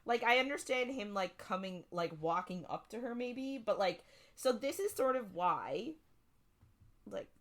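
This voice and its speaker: A woman's voice: medium pitch, very animated, measured pace. A woman co-hosting a casual book podcast, retelling the plot in a rambling way full of "like" and "um". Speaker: podcast co-host.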